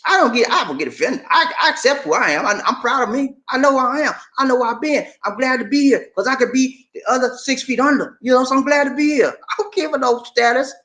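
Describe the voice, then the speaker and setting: A man's voice: extremely high pitch, lively intonation, quick pace, few pauses, sharp tone, reverberant. An older man hosting a motivational live stream, talking in a preachy, rallying way that repeats phrases to draw his listeners in. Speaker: channel host.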